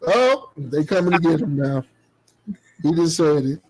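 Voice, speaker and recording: A man with a high voice talks slowly and tells stories in a laid-back way. His talk is loose, slangy and profane, full of casual asides. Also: lively intonation, poor audio. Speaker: podcast co-host. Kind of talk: casual chat.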